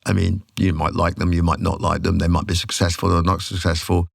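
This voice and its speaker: Gravelly-voiced man in his sixties. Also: low-pitched, a little fast, no echo, studio quality. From England. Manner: animated storyteller, acts out quotes. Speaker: podcast guest, rock singer. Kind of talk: casual storytelling.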